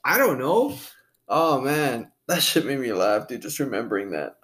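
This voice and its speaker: A man's voice: medium pitch, very animated, moderate pace, fairly bright tone, a little hiss or hum. A man in his twenties hosting a podcast in a casual, laid-back, profane way, saying "dude" a lot and laughing often. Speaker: podcast host. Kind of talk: casual chat.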